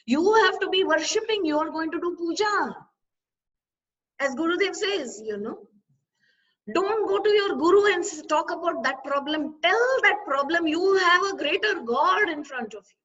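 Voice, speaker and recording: A woman, a spiritual teacher, giving an expressive discourse full of rhetorical questions to her listeners. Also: very high-pitched, normal speed. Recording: distant, slightly dull recording.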